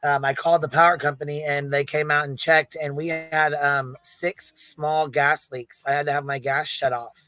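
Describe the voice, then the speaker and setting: Livestream host, woman, easygoing, flat and dry. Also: sits low, moderate pace, few pauses, no room sound. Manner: relaxed storytelling, agreeable. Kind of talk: casual livestream chat.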